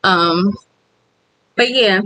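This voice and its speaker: A woman's voice: medium pitch, drawn-out words, pushed and bright, no echo, low-quality recording. A woman vlogger with kids, talking candidly on a casual livestream and reading viewer comments aloud. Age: adult with kids.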